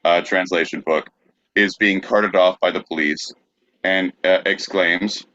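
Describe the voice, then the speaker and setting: A man's voice: low voice, fairly even intonation, unhurried, sharp tone, dry recording. A man co-hosting a podcast, hesitant and dry as he reads out bits in comedic banter. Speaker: podcast co-host. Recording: dry, dull lo-fi sound.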